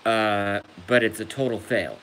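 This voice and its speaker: A man rambling slowly through a live stream on his phone, crude and self-mocking, and he breaks into laughter at his own jokes. He is hurt, so laughing pains him. A faint hiss sits under the voice. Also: lowish voice. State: injured, hurts when he laughs.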